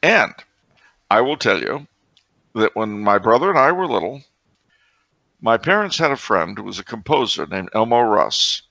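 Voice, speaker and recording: Deadpan man spinning a mock-logical story. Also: on the low side, moderate pace, gravelly, pauses often, no echo, highs cut off. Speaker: podcast co-host. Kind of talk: casual comedic chat.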